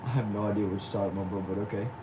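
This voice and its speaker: A young man with a lowish voice chats loosely through a livestream, reading viewer comments aloud and answering each one. A steady hum sits behind him the whole time. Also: rapid-fire. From Texas. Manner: reads comments aloud and answers them casually. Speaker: livestream host.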